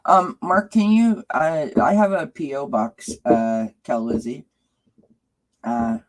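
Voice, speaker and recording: A woman's voice: low voice, slow, a little mellow, rough recording. A woman hosting a live stream as a tarot reader, chatting casually and rambling with loose restarts.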